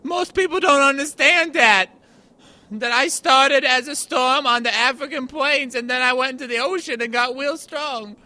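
A man's voice: very high voice, bright, forceful tone, no echo, heavily acted. A man playing a weepy little-boy hurricane. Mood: sorry. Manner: apologetic, halting, stammering. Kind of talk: improvised sketch comedy. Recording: noisy outdoor recording.

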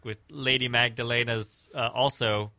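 A man hosting a college radio comedy show, bantering in a dry, deadpan way. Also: mid-range voice, moderate pace, dry recording.

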